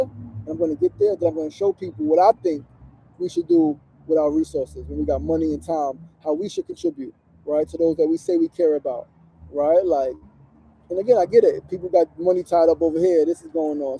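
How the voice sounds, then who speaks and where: This is a man hosting a casual livestream outdoors on a street corner. His voice sits high for a man, yet it sounds gravelly and very dark in tone. He talks earnestly and emotionally, with plenty of swearing. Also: slight background noise, low-quality recording. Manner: earnest, emotional, profane and conversational. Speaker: livestream host and community organizer. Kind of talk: casual motivational livestream talk.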